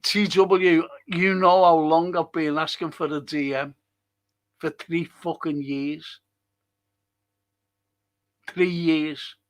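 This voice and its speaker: A man's voice: a little high, flat delivery, slow pace, pauses often. A man hosting a live fan show, reading viewer comments and ranting bluntly with plenty of swearing. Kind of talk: live-stream chat reading and rant.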